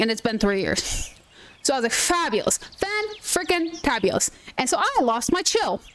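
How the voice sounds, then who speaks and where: A young woman gaming streamer chatting casually, telling an animated story full of quoted dialogue. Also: sits high. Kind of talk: casual chat while gaming.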